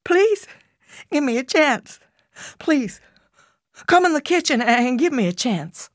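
A woman voicing a middle-aged mother who rants and screams in a high, strained voice. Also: expressive, measured pace, darkish tone, no echo, studio quality, lightly acted. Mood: pleading. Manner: screaming, high-pitched ranting and begging.

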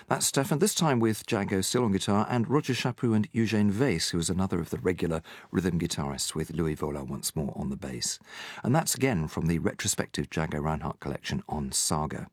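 A man presents a radio programme in a measured, informative voice. His tone is very low and somewhat husky. The studio sound is dry and close. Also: expressive, dry recording.

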